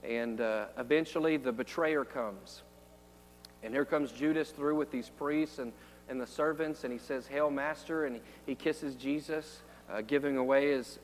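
A man preaching a sermon. He asks the listeners rhetorical questions and moves from hushed storytelling to loud, fervent exhortation. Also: mid-range voice, long reverb tail, slight background noise, poor audio.

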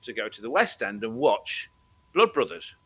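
A man's voice: medium pitch, normal speed, breathy edge. A man in casual chat, telling stories with lots of laughter and putting on accents. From England. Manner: animated storyteller, laughs often, puts on accents. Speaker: co-host.

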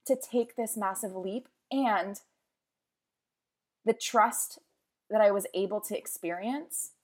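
A woman's voice: mid-range voice, slow. A woman hosting a podcast, speaking in an emphatic, emotional motivational monologue with repeated phrases. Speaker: podcast host.

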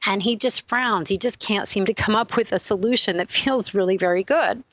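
A woman giving a spiritual talk, retelling a legend in a lively storytelling manner. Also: mid-range voice, dry recording, poor audio. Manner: animated storyteller, switching quickly between characters. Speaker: spiritual speaker.

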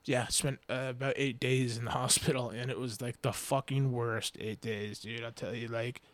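A man's voice: medium pitch, fairly even intonation, moderate pace, dry recording. Young man, podcast host, casual rambling talk, frequent swearing, dry close sound. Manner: rambling storyteller, swears often, many fillers. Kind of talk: casual chat.

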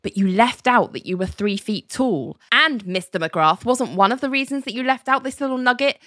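Bright, lively woman recapping a show. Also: fairly high pitch, normal speed, dry recording, studio quality. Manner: animated, acts out quotes, laughs often. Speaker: podcast co-host recapping a TV episode. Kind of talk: casual chat recap.

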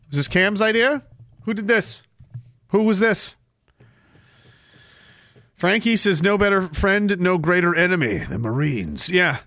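High-voiced sarcastic male streamer. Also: a bit bright, no echo, clean studio sound. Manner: profane, sarcastic, laughs often. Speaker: livestream host reading viewer comments. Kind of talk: casual livestream commentary.

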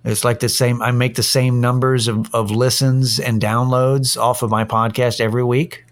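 A man's voice: mid-range voice, flat delivery, moderate pace. A middle-aged man hosting a casual solo podcast, ranting in an irritated, profane way. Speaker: podcast host. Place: Austin-area home setting.

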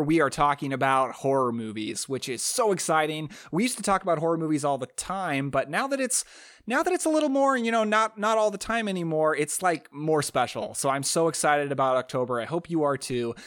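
A man's voice: fairly high pitch, expressive, a bit bright. A man hosting a podcast in a casual, eager and joking chat. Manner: eager, chatty, quick to joke. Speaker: podcast host.

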